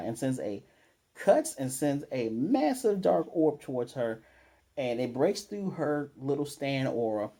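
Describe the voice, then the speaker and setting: A man talking through an anime episode recap in a loose, rambling way. His voice is dark and mellow, sitting at an ordinary middle pitch, and he often restarts his sentences as he quotes the characters. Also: a little slow. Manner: rambling recap with restarts, quoting lines in a flat voice. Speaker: anime reviewer.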